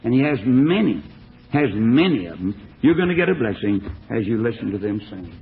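Gravelly old-time preacher, tinny recording. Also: male voice, medium pitch, sing-song, brisk. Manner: folksy, emphatic preaching with stories. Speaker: evangelist preacher. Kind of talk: sermon.

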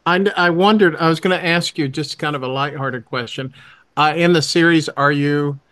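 A man's voice: a little high, normal speed, fairly bright tone, smooth, no room sound. A man interviewing a guest in a casual, hesitant way, often stammering as he starts. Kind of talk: interview conversation.

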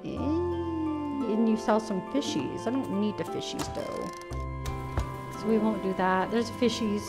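A woman's voice: fairly high pitch, measured pace. Giggly woman gaming streamer. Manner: giggly, chatty, animated reactions. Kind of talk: casual game commentary. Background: game music.

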